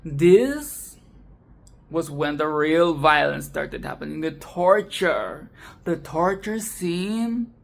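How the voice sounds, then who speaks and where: A woman giving a casual, animated film commentary, swearing, laughing and repeating phrases for emphasis. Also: low-pitched, slow, vocal fry. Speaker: film review vlogger.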